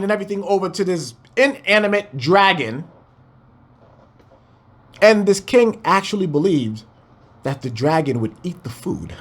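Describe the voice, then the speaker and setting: This is a man with a high, fairly bright voice, a Bible teacher leading a casual study. He goes through scripture one verse at a time, unpacking it with emphatic, conversational remarks and speaking to his audience as though they were family.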